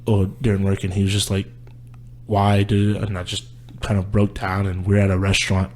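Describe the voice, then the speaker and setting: A man's voice: on the low side, monotone, fairly quick, a little mellow, a little hiss or hum. Young man telling his story candidly. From Houston, Texas. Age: young adult. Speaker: guest. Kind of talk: casual podcast chat.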